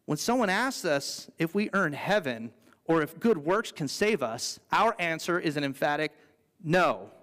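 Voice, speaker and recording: A man with a high, light voice delivers an earnest, conversational sermon, dropping in playful asides. His voice carries a long reverb from the church sanctuary around him. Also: lively intonation, moderate pace, fairly bright tone. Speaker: pastor.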